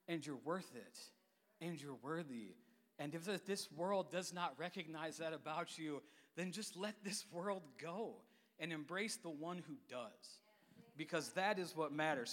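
High, bright-voiced youth pastor preaching. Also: male voice. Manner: energetic, playful, quick-talking preacher. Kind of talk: lively sermon. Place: church sanctuary. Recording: long church reverb.

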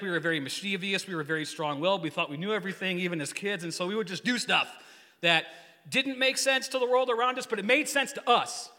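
Man, youth pastor, joking rambling sermon, bright and high, church hall echo. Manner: joking, energetic, rambling storyteller. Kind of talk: casual sermon with congregation call-and-response. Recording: long hall reverb.

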